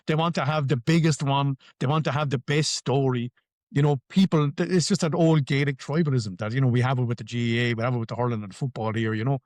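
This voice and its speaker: Irish male podcast guest, emphatic and salty, dry close sound, mid-pitched. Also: fairly even intonation, fast, a little mellow, dry recording. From Ireland. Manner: emphatic, swears freely, repeats phrases for stress. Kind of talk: conversational interview answers.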